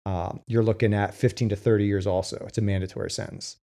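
A man with a fairly low voice talks through legal cases in a loose, halting way. He stops and restarts often and leans on fillers. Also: fairly even intonation, dark tone. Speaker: co-host with legal case experience. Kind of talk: casual discussion.

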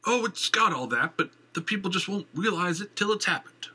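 A man voicing a fussy, pompous middle-aged male theater owner, in a high, flustered and theatrical way. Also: expressive, brisk, bright, forceful tone, husky, exaggerated voice.

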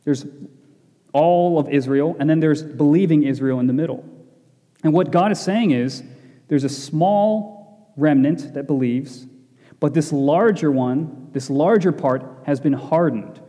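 Guy preaching a bible sermon, slightly high warm voice, repeats stuff for emphasis, big echoey hall. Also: measured pace. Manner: emphatic, repeats key phrases, asks rhetorical "right?". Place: church hall with congregation. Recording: long echoey hall reverb.

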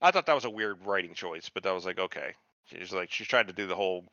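Here a podcast co-host, a man, talks through a TV show recap casually, cursing heavily and imitating characters' lines. He speaks fast and expressively in a low voice with a sharp tone; the recording is muffled and echo-free.

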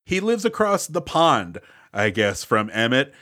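A man's voice: medium pitch, sing-song, a little slow, pushed and bright. A man co-hosting a podcast, chatting about a film in a jokey, incredulous way with stumbling restarts. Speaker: podcast co-host. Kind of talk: casual chat about a film.

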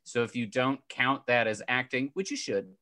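A man co-hosting a movie podcast in casual, animated chat, laughing often and slipping into silly voices. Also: medium pitch, moderate pace. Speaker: podcast co-host.

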